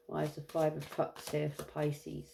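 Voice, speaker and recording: Woman, tarot reader, slow musing delivery, warm low voice, faint card shuffling behind. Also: gravelly, slight background noise. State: tired, yawning. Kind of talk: intuitive tarot reading.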